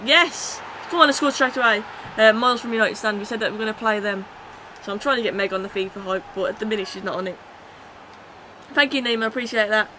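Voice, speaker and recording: A woman livestreaming a football video game, chatting with her viewers and shouting at the match as it plays out. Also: medium pitch, fast talker, slight background noise. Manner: excitable, shouts at the game, then chats casually. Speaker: gaming streamer. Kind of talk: live game commentary and chat reading.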